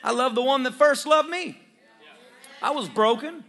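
Male pastor, sermon, high voice, bright ringing tone, fiery, call-and-response, joking asides. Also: moderate pace. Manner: fiery preaching, rising to shouts.

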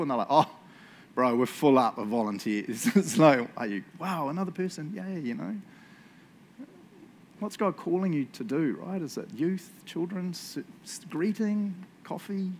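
A man's voice: mid-range voice, gravelly, a little hiss or hum. A man preaching a casual, jokey sermon as lead pastor, laughing often and tagging his lines with "eh?" and "right?". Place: church hall. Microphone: handheld microphone.

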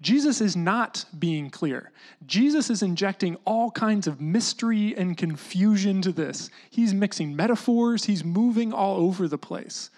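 A preacher giving a conversational sermon, explaining scripture in a loose, chatty way full of "like" and "you know", sometimes dropping to a hush. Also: medium pitch, measured pace. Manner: casual, animated teaching with lots of "like" and "you know"; often drops into a hushed voice to act out quotes.

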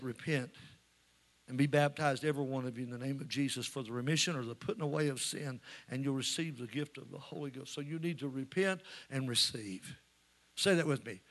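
A man, preaching a sermon and telling stories in a folksy way that rises to shouting. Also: fairly high pitch. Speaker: pastor. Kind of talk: sermon with storytelling.

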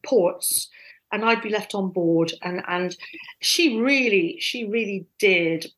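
A woman casually telling animated, self-deprecating stories from her past. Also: mid-range voice, slow pace, poor audio. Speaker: guest storyteller.

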